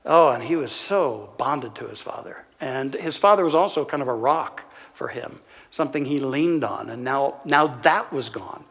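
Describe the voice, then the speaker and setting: A minister telling a story in a sermon, earnest and measured, pausing often with "uh", recorded in a church sanctuary. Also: male voice, mid-range voice, expressive, creaky, a bit bright, husky, long reverb tail.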